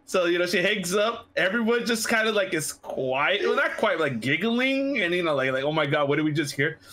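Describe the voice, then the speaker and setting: A man's voice: high-pitched, brisk. A man co-hosting a casual podcast, telling funny stories and acting out the people in them. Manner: animated, acts out quoted voices while telling stories. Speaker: podcast co-host. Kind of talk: casual chat, storytelling.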